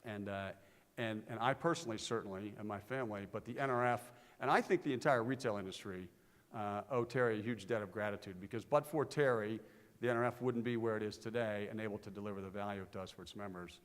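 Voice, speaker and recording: A man's voice: on the low side, fast talker. Earnest middle-aged man speaking in a reverberant hall. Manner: earnest, storytelling, gets animated in anecdotes. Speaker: conference speaker. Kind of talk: conference tribute speech. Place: conference stage in a large hall.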